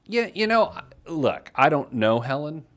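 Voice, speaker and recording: A man's voice: a little high, very animated, a little slow, a bit bright. A man in his thirties hosting a casual financial advice radio show, self-deprecating, reading listener letters aloud.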